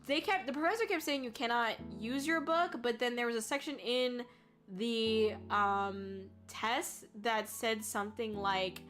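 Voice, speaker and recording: A young woman chatting on a stream with a bright, forceful tone and a slightly high voice. She rambles through a story, using many fillers and restarting her sentences, and she laughs often. Soft music plays faintly in the background. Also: measured pace. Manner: laughs often and gets loud when excited. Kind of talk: casual chat.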